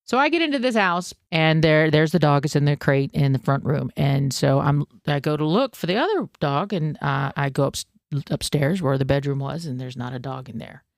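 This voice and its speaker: A woman hosting a podcast, telling a personal story in a casual, animated, self-deprecating way and acting out her own panic. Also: sits low, moderate pace, vocal fry, few pauses, no echo, studio quality. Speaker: podcast host.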